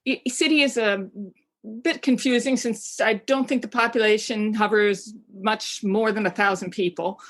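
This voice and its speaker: A woman's voice: mid-range voice, normal speed. A woman from Maine, a travel guidebook writer, chatting enthusiastically as an interview guest, with frequent fillers and restarts. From Maine, USA. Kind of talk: casual interview chat.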